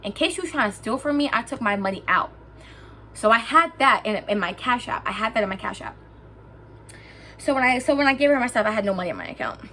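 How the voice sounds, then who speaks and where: A young woman telling a storytime vlog, lively and swearing freely, acting out what people said to her. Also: fairly high pitch, fast, a little hiss or hum. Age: young adult. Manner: animated, swearing, acts out quotes. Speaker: vlogger. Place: indoors, lying down at home.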